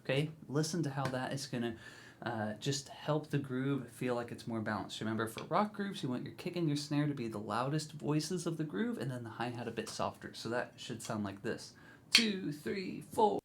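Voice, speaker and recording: A man teaching drums, explaining grooves in a relaxed, encouraging way, counting in and scatting rhythms. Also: medium pitch, brisk, slight background noise. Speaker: drum teacher. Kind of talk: instructional video talk.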